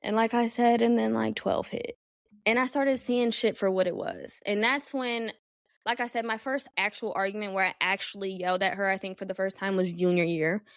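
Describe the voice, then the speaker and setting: A woman's voice: medium pitch, normal speed, creaky, dry recording. A young woman hosting a solo podcast, talking candidly and animatedly, swearing freely. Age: young adult. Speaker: podcast host. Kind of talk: casual solo podcast talk.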